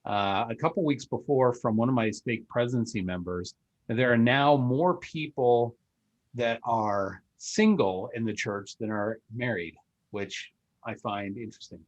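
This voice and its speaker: A man hosts a podcast and talks in a loose, rambling way, filling his sentences with "uh" and "um". His voice sits at an ordinary middle pitch. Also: unhurried, rough recording. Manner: rambling, filler-heavy. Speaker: podcast host. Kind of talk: casual interview chat.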